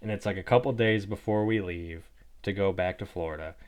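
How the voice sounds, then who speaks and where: A young man hosts his own podcast and tells a story in a relaxed, meandering way. His voice sits a little low, and he fills every pause with "like" and "you know". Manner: rambling, heavy use of "like". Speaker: podcast host. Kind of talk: casual storytelling.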